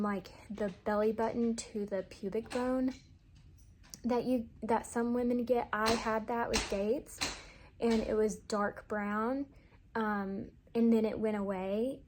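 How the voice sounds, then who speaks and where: A woman's voice: a little high, a little mellow. A young adult woman giving a candid, chatty update to her viewers in a casual vlog. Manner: candid, confiding, chatty with fillers. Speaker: vlogger.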